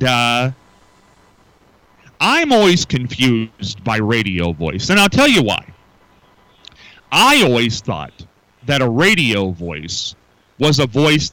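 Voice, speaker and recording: A man's voice: medium pitch, bright, forceful tone, dry recording, rough recording. A middle-aged man hosting a casual morning radio talk show, musing aloud and often repeating words as he restarts.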